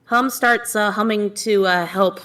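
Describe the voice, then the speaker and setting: A woman at a tabletop game speaks in character, hesitant and halting, dotting her lines with ums. Her voice sits at an ordinary female pitch. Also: fairly even intonation, a bit bright. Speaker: player. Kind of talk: tabletop role-play, in character.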